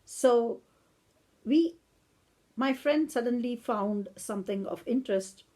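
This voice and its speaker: A woman's voice: on the high side, takes it slowly, mellow. A woman from India, hosting a podcast and lecturing on philosophy in a reflective, storytelling way. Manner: reflective, storytelling, with a few self-corrections. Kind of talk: lecture-style podcast talk.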